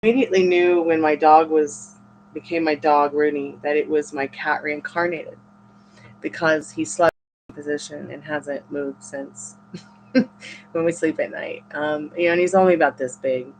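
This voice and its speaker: A woman reading tarot on a live stream, chatting casually with viewers and rambling in halting, restarting sentences. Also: low voice, fairly even intonation, a little mellow, slight background noise.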